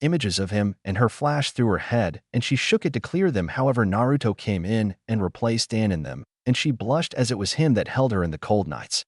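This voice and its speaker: Male narrator, steady story reading, dry close mic, lively intonation. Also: lowish voice, dry recording. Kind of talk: fan fiction reading.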